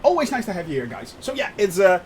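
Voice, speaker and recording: A man's voice: high-pitched, huge pitch swings, quick pace, darkish tone, a little hiss or hum. A man, chatting live with viewers while streaming a flight sim, joking and laughing often as he reads the chat aloud.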